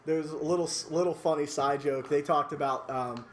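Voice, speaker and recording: A man's voice: on the high side, fairly even intonation, moderate pace, a little hiss or hum. A man on a podcast, telling a backstage story in a loose, casual way, laughing often between bits. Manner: laughs often mid-story, lots of fillers. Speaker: podcast co-host.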